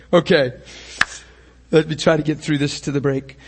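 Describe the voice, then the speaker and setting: A man's voice: a little high, level tone, moderate pace, a little hiss or hum. A man preaching a sermon with passion, firing rhetorical questions and acting out the scenes he describes.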